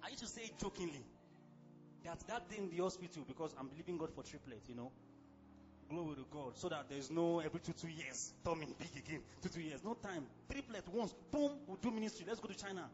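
A man with a Nigerian accent preaching a sermon as pastor, fiery and exclamatory, breaking into sudden shouts. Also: a little high, lively intonation, quick pace, lo-fi sound, over music.

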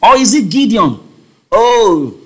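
A man preaching a sermon, emphatic and fond of repeating his points as he calls out to the congregation. His voice is high and bright, and it swings widely as he speaks. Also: big pitch swings, normal speed.

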